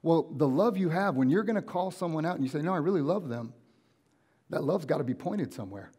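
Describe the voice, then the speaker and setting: Animated preacher man. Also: fairly high pitch, brisk, slightly rough. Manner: animated, acts out everyday dialogue in different voices. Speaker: pastor. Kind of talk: casual sermon. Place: church auditorium.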